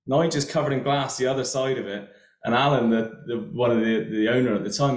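A man's voice: medium pitch, steady tone, fast, reverberant. A man, a welding inspector, telling casual, self-mocking work anecdotes as a podcast guest. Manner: chatty anecdotes, laughs at himself. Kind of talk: casual storytelling.

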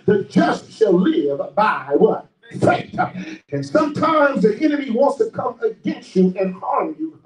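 A man with a high voice preaches a call-and-response sermon, his pitch swooping up into shouts. He fills his lines with "uh" and "my God". The sound is roomy, picked up from a mic some way off in a church. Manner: many filler "uh" and "my God" interjections. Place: church sanctuary. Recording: echoey room, mic at a distance.

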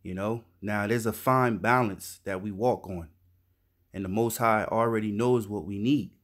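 Dude with a lowish voice reading bible verses then breaking em down in slang, keeps saying man. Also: normal speed, fairly bright tone. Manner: reads verses then riffs in slangy street talk, says "man" a lot. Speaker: street preacher. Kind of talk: informal scripture teaching.

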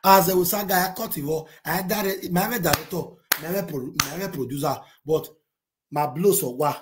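A man with a Nigerian accent giving excitable, repetitive vlog commentary, switching between pidgin and a local language. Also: a little high, normal speed, noisy background. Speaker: vlogger commenting on a movie-industry dispute.

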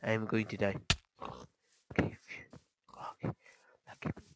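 A man giving casual, chatty commentary over his gameplay, easily startled and quick to panic. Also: lowish voice, completely flat delivery, noisy background. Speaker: gaming channel host.

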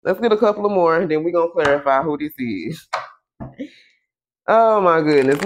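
A man giving a casual tarot reading to camera. He keeps checking in with "okay?" and "y'all", swears freely, and draws his questions to Spirit out slowly while he shuffles. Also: a little high, animated, a little hiss or hum. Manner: chatty, tags lines with "okay?" and "y'all". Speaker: tarot reader.

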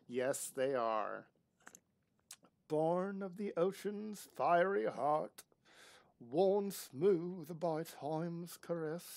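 A man's voice: on the low side, creaky, slight background noise. A man streaming a game live, chatting casually and talking to the objects on screen. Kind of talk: live gameplay commentary.

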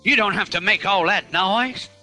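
A man's voice: high-pitched, moderate pace, bright, forceful tone, soft background music, voice pushed down. A preacher voicing bystanders who shush and scold a noisy man, dismissive in tone.

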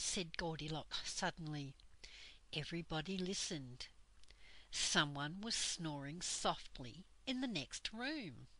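An older woman reading a children's book aloud in a slow, gentle, expressive way. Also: lowish voice, no room sound, low-quality recording. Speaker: storyteller.

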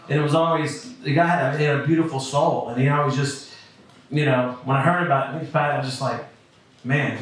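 A man's voice: mid-range voice, fairly bright tone, distant mic. Rambling man in an echoey room. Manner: rambling, halting, many restarts. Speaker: comedian paying tribute. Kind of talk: heartfelt spoken tribute.

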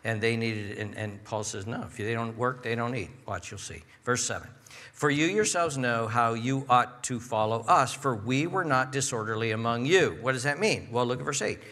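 Male pastor, emphatic sermon delivery, bright tone, long church reverb. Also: lively intonation. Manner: emphatic preaching, reading scripture slowly, swinging from low asides to high exclaims. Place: church sanctuary.

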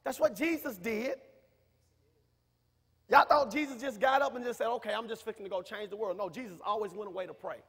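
A man, preaching a sermon in a church, who repeats himself and rises to shouts. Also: high voice, brisk, breathy edge. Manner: preaching, rising to shouts, talkative, repetitive. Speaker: minister. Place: church sanctuary. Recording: reverberant church hall.

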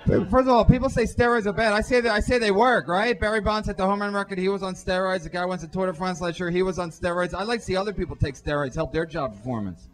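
A man performing a profane stand-up routine on a comedy club stage, throwing quick asides to the crowd through a handheld mic. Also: high voice, fairly bright tone. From Irish-American.

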